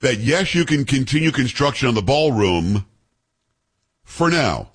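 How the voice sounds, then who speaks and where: A male radio host chats in a casual, storytelling way, doing quick impressions of the people in his stories. His voice swings widely in pitch. It has a slightly husky edge. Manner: animated storyteller, mimics voices. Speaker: radio talk show host.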